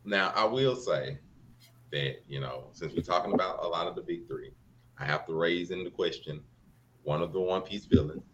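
A man co-hosting a casual roundtable podcast in a loose, slangy, expressive way. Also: sits low, normal speed, muffled recording, noisy background. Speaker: podcast co-host.

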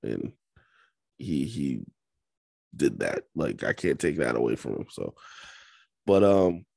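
A man co-hosting a podcast, chatting casually and poking at his co-host with skeptical, teasing remarks. His voice sits very deep, and the sound is dry and close. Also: very animated, slow, creaky, a little mellow, husky, no echo. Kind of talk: casual chat.

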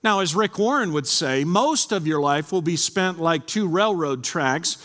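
Pastor, male, lively fairly high voice, earnest sermon delivery, long hall reverb. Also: unhurried. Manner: earnest preaching, reads scripture aloud.

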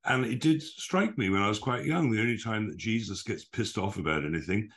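A man's voice: fairly low pitch, animated, a little fast, fairly bright tone. A man hosting an interview, chatting casually in a wry, conversational way. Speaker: host.

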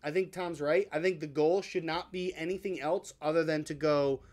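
A man's voice: on the high side, steady tone, normal speed, darkish tone. A man co-hosting a podcast, chatting casually with friends and teasing while giving advice. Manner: joking, teasing, gives advice. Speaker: podcast co-host. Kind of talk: casual chat among friends.

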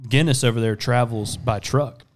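Podcast host, man, mid-pitch, joking interjections over a faint hiss. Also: moderate pace. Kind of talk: casual chat.

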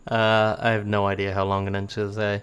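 A man's voice: fairly low pitch, completely flat delivery, fairly quick, fairly bright tone, clear, resonant tone. A young man with a New Zealand accent, a podcast guest chatting casually, laughing often and swearing freely. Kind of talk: casual chat.

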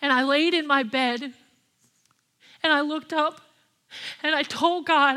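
Bright high-voiced woman preaching. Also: measured pace. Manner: candid personal testimony, impassioned. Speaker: pastor and worship leader. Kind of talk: sermon.

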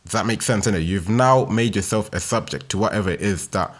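Laid-back London man, low voice, innit-heavy. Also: fairly quick. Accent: London, Multicultural London English. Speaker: podcast host. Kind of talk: casual solo podcast monologue.

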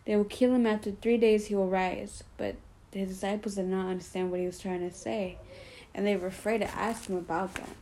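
A woman with a mellow, warm voice at a middle pitch retells a Bible story in her own casual words. She talks loosely and chattily, sprinkling in "like" and "you know" as she goes. Now and then she stops to explain the meaning in plain terms. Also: steady tone, brisk, slight background noise, rough recording. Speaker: Bible study leader.

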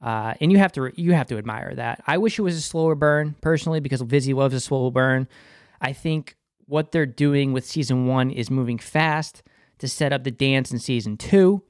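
A man with a Boston accent hosts a casual, enthusiastic TV episode review, sometimes referring to himself in the third person by his show name. His mid-range voice is smooth and at normal speed, in clean studio sound with no echo.

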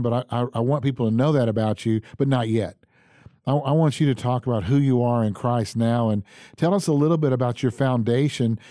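A man's voice: mid-range voice, dark tone, no room sound, clean studio sound. A man hosting a podcast interview, enthusiastic and folksy, joking with his guest. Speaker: podcast host.

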